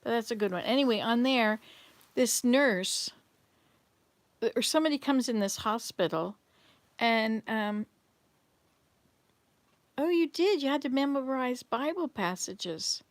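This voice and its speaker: An older woman chats her way through a live stream, drifting from one memory to the next and stopping to answer viewers. Her voice sits a little high, and it sounds close and dry, with no room around it. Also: measured pace, dry recording. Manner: chatty, rambling, answers viewers' comments. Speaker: livestream host reading chat. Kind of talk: casual live chat. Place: home, in Canada.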